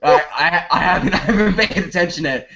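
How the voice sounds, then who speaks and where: A man's voice: a little high, fairly quick, vocal fry, bright, forceful tone. A man playing a blunt, impatient TV co-host. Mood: mocking. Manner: blunt, impatient, breaks into laughter. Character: brash, blunt male morning-show co-host. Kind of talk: improvised comedy scene. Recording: dull lo-fi online call audio.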